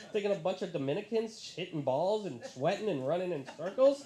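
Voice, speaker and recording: A man performing a stand-up comedy set on a bar stage, telling stories in an animated way and jumping into high, excited voices for the people he quotes. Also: brisk, few pauses, reverberant.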